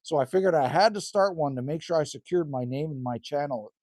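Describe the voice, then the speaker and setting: A middle-aged Canadian man with a slightly hoarse voice, hosting a live stream from a cabin and chatting casually with viewers in a folksy way. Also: on the high side, a little fast, darkish tone, dry recording, clean studio sound. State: a little hoarse. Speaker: livestream host reading chat. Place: rural cabin indoors.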